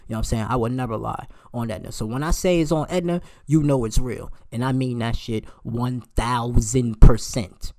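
A man in his late twenties telling a heated storytime rant, emphatic and profane, his voice jumping high when he gets outraged. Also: moderate pace, hardly any pauses, a little mellow. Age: late 20s.

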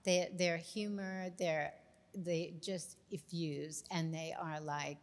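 A woman hosting a podcast, chatting casually and telling animated, effusive stories. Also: on the low side, slow pace, big-room sound. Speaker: podcast host. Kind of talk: casual chat.

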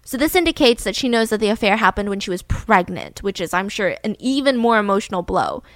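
A woman's voice: medium pitch, sing-song, fairly quick, a bit bright, dry recording. A woman hosting a podcast, telling a true-crime story in a chatty way with many fillers. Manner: chatty, with fillers like "like" and "you know". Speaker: podcast host.

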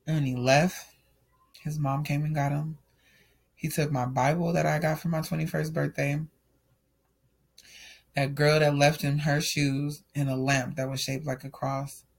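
A young man tells an emotional story about his own life in a loose, run-on way. He stays candid and open throughout. His voice sits a little higher than most men's. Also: gravelly, husky. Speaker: storyteller sharing a personal testimony. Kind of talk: casual personal storytelling.

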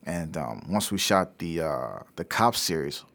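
A young adult man, an actor and podcast guest, telling animated, slangy stories in casual chat and swearing freely. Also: extremely low pitch, measured pace, gravelly.

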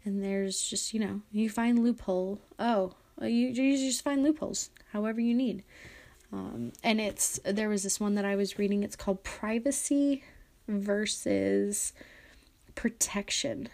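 A woman's voice: mid-range voice, unhurried, gravelly, a little mellow. A young woman hosting a solo podcast, chatting casually and reading articles aloud, rambling with many fillers and self-corrections. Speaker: podcast host.

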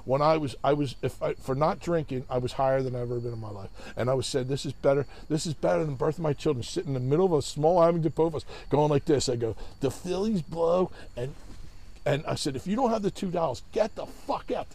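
A man's voice: a little high, fast, darkish tone. A man, telling a long, rambling, profane story in casual chat and acting out other people's voices.

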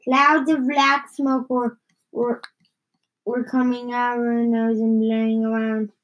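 Slow, halting woman reading a story. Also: on the high side, level tone, dull audio. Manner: halting, with frequent stumbles and repeats. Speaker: reader.

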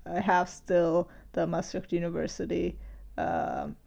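A young adult woman co-hosting a podcast, relaxed and quick to laugh, sometimes reading passages aloud in casual chat. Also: on the low side, creaky, dull audio. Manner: relaxed, laughs often, reads aloud from sources. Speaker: podcast co-host.

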